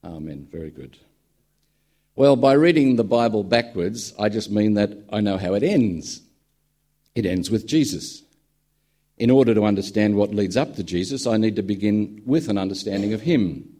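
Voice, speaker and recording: A man's voice: fairly low pitch, moderate pace, dark tone. A man preaching a sermon in a conversational storytelling manner, with dry humour. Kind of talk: sermon with a told joke.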